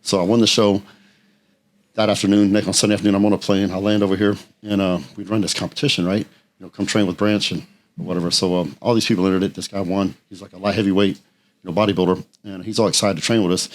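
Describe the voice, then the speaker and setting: A man's voice: deep voice, flat delivery. A man, a podcast guest telling blunt, profane stories in casual chat. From Texas. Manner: blunt, profane, fast anecdotes. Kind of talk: casual storytelling.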